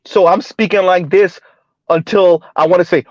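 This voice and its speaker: A man giving a heated, emphatic commentary rant on his vlog, repeating his points loudly. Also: high-pitched, steady tone, moderate pace, no room sound, highs cut off. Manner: loud, emphatic, repeats points, laughs at times. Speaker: commentary vlogger.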